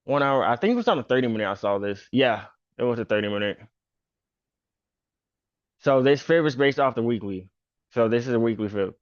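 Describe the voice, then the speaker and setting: A man's voice: mid-range voice, lively intonation, brisk, long pauses, no echo. Guy walking thru stock charts, chill and rambly, kinda muffled dry audio. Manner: loose, filler-heavy talk with "pretty much" and "bro". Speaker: stock trader and channel host. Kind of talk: casual chart walkthrough.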